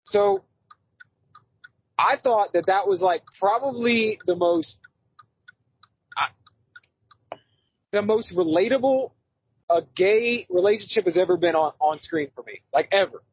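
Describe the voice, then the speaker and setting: A man co-hosting a podcast, animated in casual chat and swearing freely. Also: sits high, slow pace, long pauses, slightly rough, dry recording, dull audio. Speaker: podcast co-host.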